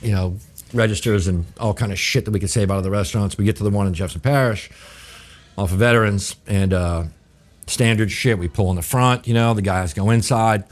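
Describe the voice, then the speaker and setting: Middle-aged male guest from New Orleans with a very low voice; casual, salty storyteller who plays out the dialogue he quotes. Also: brisk. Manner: profane, animated, acts out quoted exchanges. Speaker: guest chef.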